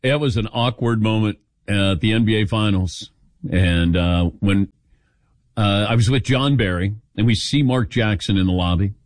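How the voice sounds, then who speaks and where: A man hosting a call-in sports radio show, telling stories and acting out quotes with big swings of pitch. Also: normal speed, dry recording.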